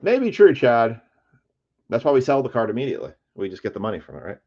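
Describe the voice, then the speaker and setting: A man hosting a live card break, chatty and excitable, calling out player names and shouting over big pulls. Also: fairly low pitch, fast talker, gravelly, dull audio.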